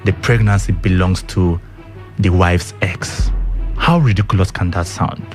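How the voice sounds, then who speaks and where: Soft music plays as a low-pitched, unhurried radio host talks casually with his audience in the studio and goes through the news. He asks listeners rhetorical questions and fills his speech with ums.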